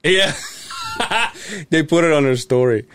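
A man's voice: fairly high pitch, slow, clean tone. A man, a podcast co-host telling a casual, profane story and laughing as he goes. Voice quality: animated, swears freely, laughs while telling.

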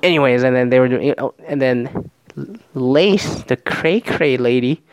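A man casually recapping a reality show in a profane, sarcastic, animated rant. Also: mid-range voice, a little slow, clear, resonant tone, no room sound.

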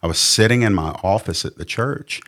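Low-voiced Southern man sharing testimony. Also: animated, brisk, fairly bright tone. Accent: Southern American. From Southern United States. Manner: earnest, candid, plainspoken, acts out quotes. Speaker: pastor and podcast guest. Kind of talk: personal testimony storytelling.

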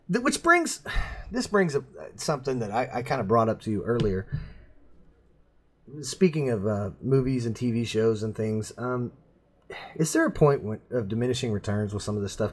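A man's voice: mid-range voice, sing-song, moderate pace, long pauses. A middle-aged man chatting casually as a podcast co-host, rambling and self-mocking, laughing at his own jokes. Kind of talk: casual chat.

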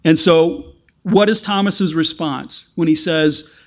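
A man preaching a sermon, earnest and halting, with frequent restarts that build to emphatic stretches. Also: fairly high pitch, fairly bright tone.

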